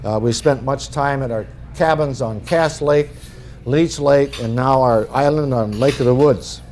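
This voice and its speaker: A middle-aged man from northern Minnesota gives a storytelling talk as an author, sharing humorous anecdotes in a folksy way. His medium-pitched voice is unhurried and darkish, with slight background noise.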